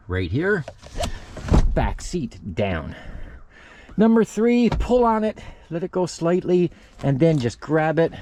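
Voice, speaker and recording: A man's voice: on the high side, background noise. Chatty man filming a how-to vlog. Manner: chatty, keeps addressing viewers as guys. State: a little out of breath. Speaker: channel host. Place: outdoors beside a parked van. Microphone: handheld camera held while working.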